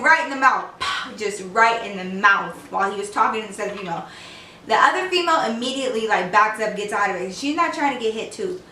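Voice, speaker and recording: Young woman vlogging, chatty and slangy, bright voice, kinda far from the mic in an echoey room. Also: on the high side, slight background noise. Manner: animated, slangy storyteller who acts out quotes. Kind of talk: casual storytelling to camera.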